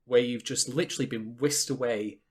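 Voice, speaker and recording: Animated man co-hosting a podcast. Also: mid-range voice, a little fast, husky. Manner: animated, swearing, emphatic asides. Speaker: podcast co-host. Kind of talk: casual podcast chat.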